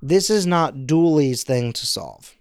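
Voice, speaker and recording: A man's voice: a little high, expressive, slow, a little mellow, clean tone, no room sound, studio quality. A man co-hosting a podcast in casual chat, rambling with many fillers and acting out quotes. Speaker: podcast co-host.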